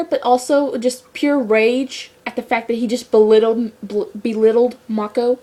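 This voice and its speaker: A woman giving a casual episode review, rambling and excitable, with lots of "like" fillers. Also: on the high side, a little slow, hardly any pauses. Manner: rambling, excitable fan talk with many "like" fillers. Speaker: show reviewer.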